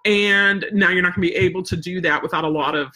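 Bright-voiced woman dog trainer. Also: fairly low pitch, quick pace, a little hiss or hum. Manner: chatty, tags points with "right?" and "okay?"; plain-spoken, firm about follow-through. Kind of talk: casual live-stream teaching.

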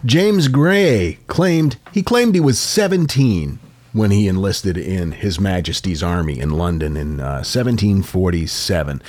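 A man co-hosting a podcast, telling an odd historical story in a casual, animated way. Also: low voice, a little slow. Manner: animated storyteller with frequent uh fillers. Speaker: podcast co-host.

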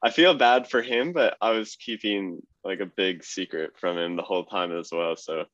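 A man's voice: sits low, normal speed, dry recording, dull audio. A man, a cyclist guest, telling a story in casual chat with lots of fillers and laughter. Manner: relaxed, laughs through stories, many fillers.

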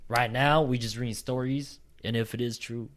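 A man's voice: medium pitch, fairly even intonation, a bit bright. A man co-hosting a ghost story chat, reading submitted stories and bantering with slang and jokes. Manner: joking, slangy, quick banter.

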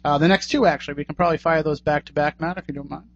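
A man's voice: a little high, steady tone, very fast. A man hosting a radio talk show in a casual, joking, conversational way. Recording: dull lo-fi radio recording.

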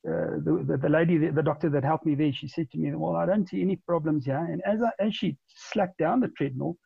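Gravelly, husky man telling a story. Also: a little high, fast talker, dry recording, muffled recording. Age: 40s. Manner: rambling, with many repeated words and restarts. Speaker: interview guest. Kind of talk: conversational storytelling.

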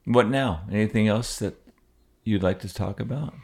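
Man, podcast host, casual interview, lowish voice, brief questions and nods. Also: moderate pace, gravelly. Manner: short prompts and agreements.

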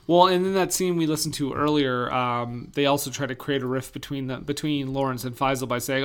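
A man's voice: mid-range voice, steady tone, fairly quick, hardly any pauses, a bit bright, clear, resonant tone. A young man co-hosting a casual film discussion podcast, making wry joking asides. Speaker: podcast co-host.

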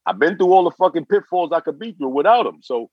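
Brief: forties male guest, husky and dry, cursing street-slang storyteller, lo-fi dull recording. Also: on the high side, big pitch swings, fast, no room sound. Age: 40s. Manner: profane street slang, repeats and restarts phrases. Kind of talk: casual interview storytelling.

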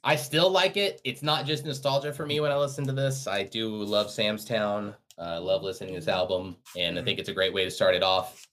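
A man's voice: lowish voice, fairly even intonation, fairly quick, few pauses, a bit bright. A man co-hosting a casual podcast, joking and talking with lots of fillers. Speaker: podcast co-host.

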